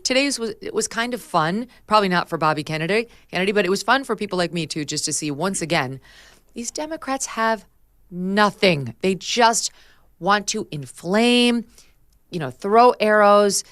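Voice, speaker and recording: A middle-aged woman hosting a talk show, brisk and emphatic, sometimes laughing as she talks. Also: mid-range voice, lively intonation, a bit bright, no echo. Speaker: host. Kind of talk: talk show host chat and read ad.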